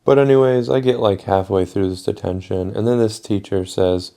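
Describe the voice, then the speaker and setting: A young man telling a casual storytime vlog, swearing a lot and acting out quotes loudly. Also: fairly low pitch, moderate pace, gravelly. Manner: animated, swearing, acts out quotes in raised voice.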